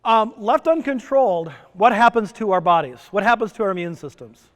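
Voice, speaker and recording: A man's voice: high voice, animated, brisk. A middle-aged man giving a joking conference talk as a presenter, often asking the audience questions. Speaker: presenter at a stress summit. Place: resort conference room. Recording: long reverb of a conference hall.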